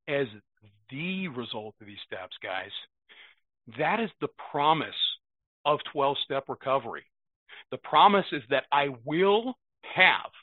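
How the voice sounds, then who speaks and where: A man's voice: on the high side, no echo. A man of fifty with an American accent, sharing earnestly at a recovery meeting and often asking "right?". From United States. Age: 50s. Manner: earnest, repeats words, rhetorical "right?". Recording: phone-like narrow sound.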